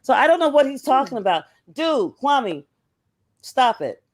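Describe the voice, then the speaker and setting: A woman co-hosting a live stream over a remote call, talking bluntly and with plenty of profanity while she tells animated stories. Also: sits high, moderate pace. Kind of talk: casual banter on a live stream.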